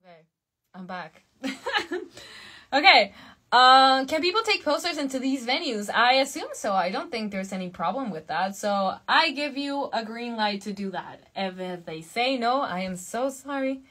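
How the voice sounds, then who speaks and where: A woman's voice: on the high side, animated, normal speed, fairly bright tone. A young Mexican woman chatting casually on a live stream with a Mexican accent, a bubbly band singer who switches between English and Spanish. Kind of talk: casual chat reading fan comments.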